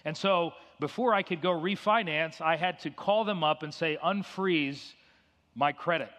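A man's voice: on the high side, unhurried, fairly bright tone. A middle-aged man preaching a sermon in a casual, storytelling way, acting out bits of dialogue. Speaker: pastor. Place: church sanctuary. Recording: long reverb of a church hall.

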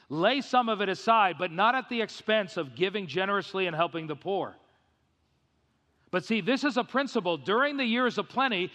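A man's voice: high voice, fairly bright tone. A man preaching an expository sermon with emphatic delivery and rhetorical questions. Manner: emphatic, rhetorical questions, acts out quoted voices. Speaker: pastor. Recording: reverberant hall.

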